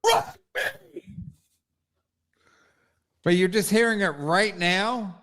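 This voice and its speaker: A man's voice: high-pitched, slow, a bit bright. A man on a casual stream, asking prodding questions and retelling gossip.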